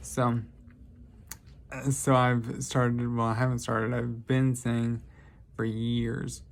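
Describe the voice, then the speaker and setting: A man's voice: mid-range voice, level tone, slow pace, creaky, pauses often. A man vlogging, telling casual stories in a rambling, lighthearted way and often correcting himself. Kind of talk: casual storytelling monologue.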